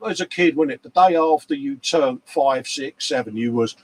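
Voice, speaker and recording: A man in his 40s co-hosts a live model-building chat show, chatting and joking at normal speed with barely any pauses. His voice is fairly high and darkish, with a slight hiss or hum in the audio. He laughs a lot, reads out viewer comments, and calls people mate.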